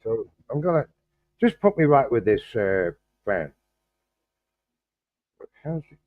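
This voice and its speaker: A man hosting a livestream in casual chat, halting and distracted, restarting his sentences as he fiddles with the stream settings. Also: medium pitch, big pitch swings. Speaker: livestream host. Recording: thin phone-like video-call audio.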